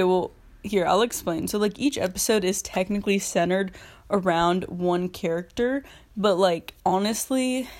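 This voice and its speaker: A woman's voice: mid-range voice, no echo. A teenage girl hosting a casual solo podcast, rambling with constant "like" fillers. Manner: rambling, heavy use of "like" fillers. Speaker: podcast host.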